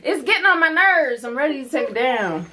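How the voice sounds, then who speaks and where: A young woman chatting casually at home during an eating video, loud and teasing. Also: high voice, very animated, fairly quick, over a noisy crowd. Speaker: mukbang co-host. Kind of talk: casual chat. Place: home, indoors. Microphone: phone camera.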